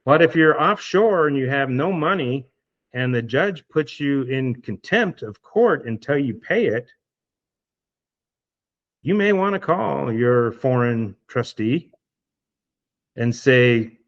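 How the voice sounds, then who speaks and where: A man's voice: medium pitch, lively intonation, takes it slowly, long pauses, lo-fi sound. A man guest on a podcast, talking through hypothetical scenarios in a casual, explanatory way with many fillers. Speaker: estate planning guest.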